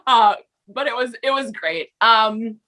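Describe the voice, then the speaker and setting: A woman's voice: on the high side, slow. A woman from Minnesota with a Minnesota accent, an author guest on an interview show, talking casually and laughing often. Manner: giggly, animated.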